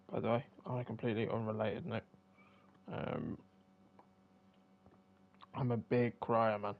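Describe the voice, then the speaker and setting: Tired, gravelly man streaming games. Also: mid-range voice, highs cut off. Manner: rambling, self-deprecating, many fillers. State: tired, yawning. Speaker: game streamer. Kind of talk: casual commentary while playing.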